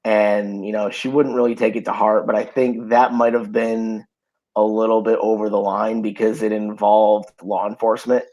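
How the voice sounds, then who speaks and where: Recorded roughly at home, this podcast co-host chats casually, spinning easygoing stories packed with fillers despite a case of hiccups. His voice is fairly low and his pace moderate.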